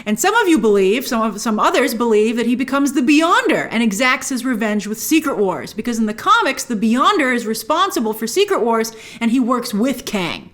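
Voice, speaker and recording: A woman hosting a film review show, talking casually to camera with excitable, gushing bursts. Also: a little fast, few pauses. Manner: excitable, gushing with sudden high exclamations.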